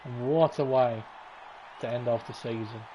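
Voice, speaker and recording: A man giving casual commentary on a sim-racing league race, excitable and sleepy, swearing and laughing. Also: medium pitch, normal speed, muffled recording. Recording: race car engine noise behind. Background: racing game car sounds.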